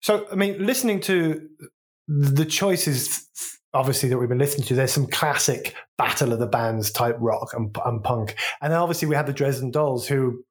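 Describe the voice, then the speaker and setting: A man's voice: medium pitch, moderate pace. A man from Wolverhampton with a Wolverhampton accent, co-hosting a podcast in chatty, inquisitive conversation. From Wolverhampton, England. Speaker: podcast co-host. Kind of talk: casual chat.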